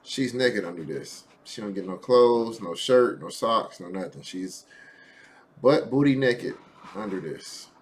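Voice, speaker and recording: Man, casual reaction commentary, animated pitch, faint noise behind. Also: measured pace. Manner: animated, incredulous, colloquial. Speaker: reaction video host.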